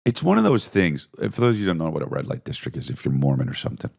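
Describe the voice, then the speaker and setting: A man hosting a podcast, telling crude, animated comedic stories and riffing with lots of profanity. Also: a bass voice, very fast, creaky. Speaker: podcast host. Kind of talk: comedic storytelling monologue.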